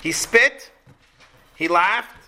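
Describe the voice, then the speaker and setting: A man teaching a Torah lesson, retelling a story as a lively storyteller who asks his listeners rhetorical questions. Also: high voice, very slow.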